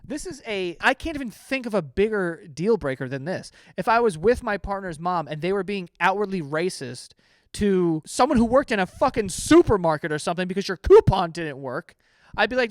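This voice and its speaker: A young man doing casual reaction commentary, swearing freely and swinging into sudden loud outbursts. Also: sits high, very animated, a little fast, no room sound, clean studio sound. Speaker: comedy YouTuber reacting to stories.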